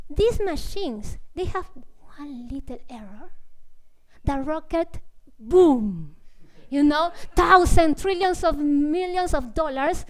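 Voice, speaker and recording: A high-pitched woman, slowly and unhurriedly. She gropes for words, restarts often and tags her thoughts with a questioning "no?". It sounds like a casual answer during a public talk. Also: poor audio. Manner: searching, full of fillers and restarts, tags "no?". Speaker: composer speaking at a public talk.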